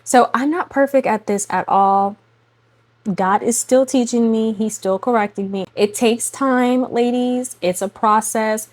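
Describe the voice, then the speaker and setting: A young adult woman, a mother, speaking casually to camera about faith and home life in a chatty, animated way, often laughing and addressing women viewers directly. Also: fairly high pitch, measured pace. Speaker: faith and lifestyle vlogger, mother.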